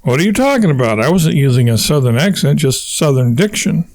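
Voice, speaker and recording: A man's voice: fairly high pitch, big pitch swings, brisk, a little mellow, no echo. A man voicing a fussy, blustering middle-aged husband who bluffs and argues his way out of everything in an audiobook. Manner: boastful, argumentative, talks his way out of things. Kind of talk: audiobook character voice.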